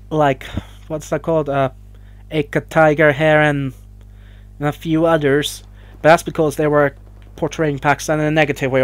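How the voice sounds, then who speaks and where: A man's voice: a little high, no room sound. A young man ranting emotionally to camera in a vlog, swearing and rambling as he gets worked up. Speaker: vlogger. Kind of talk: heated opinion rant to camera.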